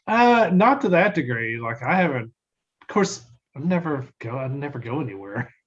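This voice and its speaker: A man's voice: mid-range voice, very animated, moderate pace, dull audio. A man co-hosting a podcast, making dry remarks in casual chat.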